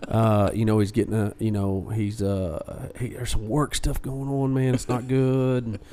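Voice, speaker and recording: A man co-hosting a podcast, casually retelling a story and acting out what others said in lively quoted voices. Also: lowish voice, measured pace. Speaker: podcast co-host.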